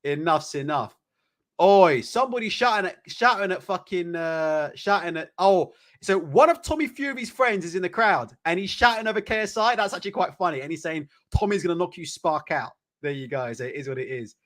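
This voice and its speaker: A man chats live about boxing from a room at home. His voice sits a little high and swings widely in pitch, loose and repetitive, with plenty of swearing and loud laughs. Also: fairly quick. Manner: animated, repetitive, swears freely, laughs loudly. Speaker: host of a live boxing chat stream. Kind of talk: casual live-stream chat.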